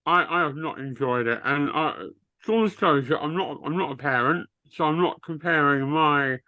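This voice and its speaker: A man co-hosting a podcast, ranting sarcastically in a deadpan comic way. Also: a little high, moderate pace, no room sound, highs cut off. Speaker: podcast co-host. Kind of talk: comedic rant.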